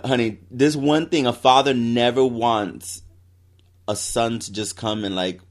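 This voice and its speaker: A man's voice: medium pitch, fairly even intonation, a little slow. A man co-hosting a casual chat, gossipy and dramatic, with fond "honey" asides. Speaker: podcast co-host.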